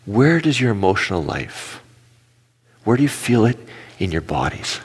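A low-voiced man in his forties delivers a sermon from a stage, his words trailing off into a long hall reverb. He tells personal stories and acts out the people in them with lively energy. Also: normal speed, slightly rough. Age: 40s. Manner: animated storytelling with acted-out quotes. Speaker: pastor.

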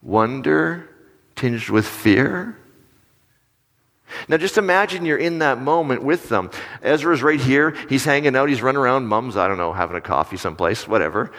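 A man preaching a sermon in a conversational way. He asks his listeners questions and turns animated when he acts out little stories. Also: mid-range voice, normal speed. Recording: long reverb of a large hall.

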